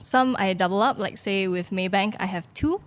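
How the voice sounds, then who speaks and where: A woman, a guest in a casual chat, explaining things in a measured way. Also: medium pitch.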